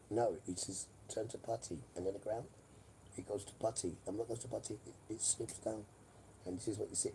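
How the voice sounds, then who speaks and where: A man's voice: on the low side, steady tone, brisk, creaky, mellow, a little hiss or hum. A man on a live stream, rambling in a preachy way, repeating himself and throwing in mocking asides. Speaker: livestreamer.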